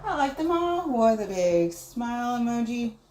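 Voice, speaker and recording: A woman's voice: a little high, very animated, a little slow, a little mellow, slight background noise. A woman hosting a casual livestream, reading viewer messages aloud and musing on them. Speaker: livestream host. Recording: roomy echo.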